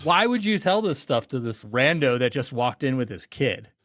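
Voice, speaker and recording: A man's voice: mid-range voice, sing-song, moderate pace, fairly bright tone, no room sound, studio quality. A man co-hosting a podcast in casual chat, critically picking apart the logic of a cartoon plot. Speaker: podcast co-host.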